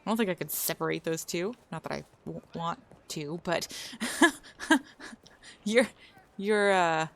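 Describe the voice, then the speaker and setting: A woman's voice: lowish voice, takes it slowly, creaky. A young woman streamer chatting casually with viewers, rambling, breaking off mid-sentence and starting again. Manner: rambling, self-interrupting, trails off mid-sentence.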